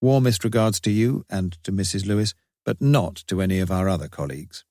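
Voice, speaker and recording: A curmudgeonly middle-aged detective grumbles through a short postcard in a curt, dry way, as a man reads it out. His voice is low, and the sound is close and dry. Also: a little fast, a little mellow, no echo. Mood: grumbling.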